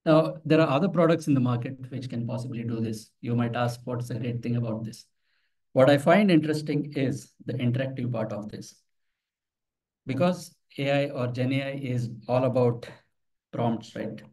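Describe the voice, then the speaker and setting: Heard from a distance off the mic, a man leads a live tech demo at a meetup in an office meeting room. He's conversational, tossing in anecdotes and questions for the audience, with a slightly mellow, medium-pitched voice at a moderate pace.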